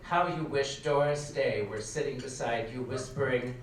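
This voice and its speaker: A man reads a nostalgic story aloud at a live stage event, wry and expressive with comic timing. His voice sits mid-range, swallowed in a big hall's reverb and picked up from far off, with a faint hiss underneath. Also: mid-range voice, moderate pace, hardly any pauses. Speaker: reader, storyteller. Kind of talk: live stage reading of a memoir. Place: large performing arts hall. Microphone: far camera. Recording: echoey hall from far off, faint noise.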